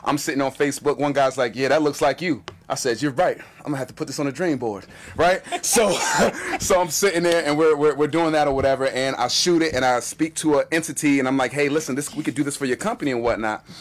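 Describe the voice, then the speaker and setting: A man telling a personal story in casual chat, animated and acting out what people said. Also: mid-range voice. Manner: animated, fast-talking storyteller acting out quotes.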